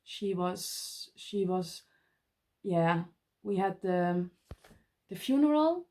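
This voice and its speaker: A middle-aged woman with a Dutch accent, showing her cross-stitch in a casual vlog and often pausing to find her English words. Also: lowish voice, expressive, a little mellow. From Netherlands. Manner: halting, searching for English words. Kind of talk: casual show-and-tell vlog.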